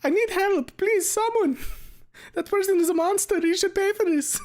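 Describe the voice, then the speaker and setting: A man voicing Mario as a frantic, squeaky figure who keeps pleading for help, in a shrill, over-the-top cartoonish way. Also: normal speed, darkish tone. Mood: panicked pleading.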